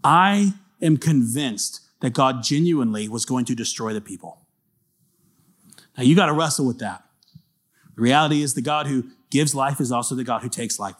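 A man preaching a conversational sermon, emphatic and speaking directly to his congregation. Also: medium pitch. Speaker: pastor.

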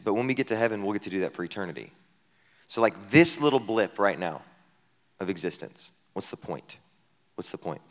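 A man preaching a sermon as a pastor at a camp gathering, talking conversationally with many rhetorical questions, dropping to a hush and then rising loud. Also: on the low side. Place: camp meeting hall. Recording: long hall reverb.

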